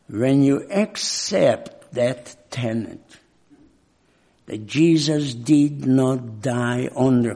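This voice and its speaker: An older man, not a native English speaker, preaching a sermon and telling a personal story, with a halting manner and frequent throat clearing. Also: mid-range voice, a little mellow.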